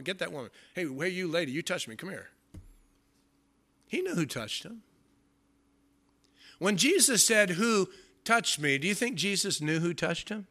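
A man preaching a Sunday sermon with a sharp, piercing tone and a slightly high voice. He talks in a folksy, conversational way, and his delivery swings between loud emphasis and hushed, low passages. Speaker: pastor.

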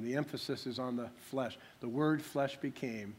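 An older man preaching a sermon as pastor, emphatic, slowing down to stress key words. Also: mid-range voice, fairly even intonation, a little mellow, slightly rough.

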